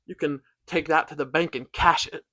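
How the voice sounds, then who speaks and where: A chatty man with a fairly high voice gives a casual, upbeat review of a cartoon, saying "like" between thoughts. The sound is close and dry, with no room echo. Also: fairly even intonation, moderate pace, sharp tone. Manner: chatty, upbeat, says "like" often. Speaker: show reviewer.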